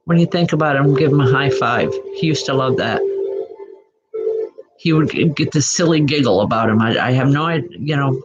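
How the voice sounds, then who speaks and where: A woman working as a spiritual medium, giving live online readings in a gentle, halting way and addressing viewers by name. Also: deep voice. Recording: muffled lo-fi audio with music behind.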